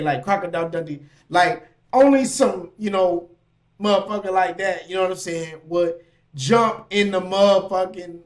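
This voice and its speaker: A man hosting a casual reaction stream, talking in loose slang, laughing and riffing on what he reads. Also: high voice. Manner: animated, laughing, slangy asides. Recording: mic.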